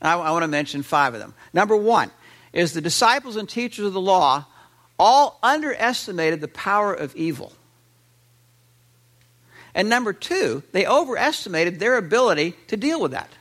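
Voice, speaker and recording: A man preaching a sermon, animated, with fillers and restarts. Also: sits high, normal speed. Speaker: pastor.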